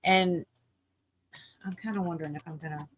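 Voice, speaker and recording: A woman's voice: fairly low pitch, fairly even intonation, moderate pace, husky. A woman hosting a livestream, chatting casually and rambling with lots of fillers while she reacts to a video. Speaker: livestream host.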